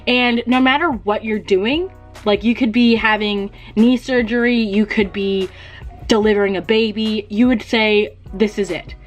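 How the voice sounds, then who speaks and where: A woman's voice: medium pitch, steady tone, measured pace, soft background music. A young woman vlogging a casual DIY beauty tutorial at home, chatty, laughing at herself and swearing casually.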